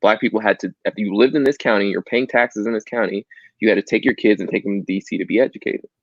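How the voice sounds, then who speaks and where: Low gravelly guy making his case calmly, muffled lo-fi call audio. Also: dry recording. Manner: earnest, making a measured argument. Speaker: guest, civil rights organization representative. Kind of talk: conversational interview.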